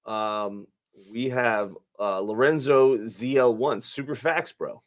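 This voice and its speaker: A man reading out viewer questions on a podcast, hesitant and filling pauses with "uh" and "um". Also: mid-range voice. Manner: hesitant, full of "uh" and "um". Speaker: question reader.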